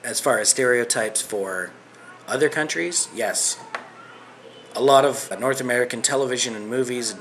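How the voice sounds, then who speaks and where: A man's voice: medium pitch, moderate pace, fairly bright tone, a little hiss or hum. Rambling middle-aged Canadian man. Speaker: vlogger. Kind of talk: rambling video response.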